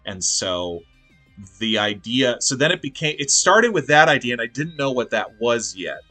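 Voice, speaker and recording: A man co-hosts a casual chat over a video call, his voice bright and forward. He talks in an animated, rambling way, circling his thoughts and laughing often. Faint music plays underneath. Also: medium pitch, moderate pace. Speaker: podcast co-host.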